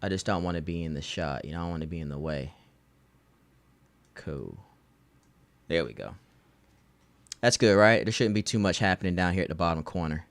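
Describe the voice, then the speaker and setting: A man's voice: deep voice, moderate pace, pauses often, dry recording. A young man streaming live, chatting casually with his chat in a laid-back, slangy way.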